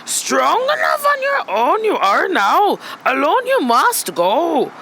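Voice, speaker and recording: A cryptic old male cane master , played by a woman, who speaks in slow, backwards, sage-like sentences. The voice sits high and swoops around. The pace is unhurried throughout. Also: huge pitch swings, a bit bright, slight background noise, exaggerated voice. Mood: solemn. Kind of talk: comedy sketch acting.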